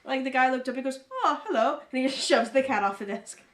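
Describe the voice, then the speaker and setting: This podcast co-host has a high voice and a quick pace, and the sound is roomy. Her talk is a casual chat, and she brings her stories to life by performing the voices of the people in them.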